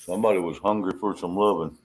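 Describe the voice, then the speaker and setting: A man's voice: low voice, fairly even intonation, fast talker. A man chiming in with teasing, dry remarks in a casual chat.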